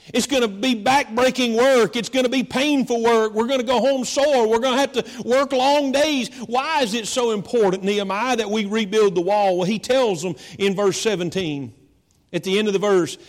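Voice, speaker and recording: A man preaching a sermon as pastor, repeating phrases and slowing down for dramatic emphasis. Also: sits high, in a large hall. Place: church.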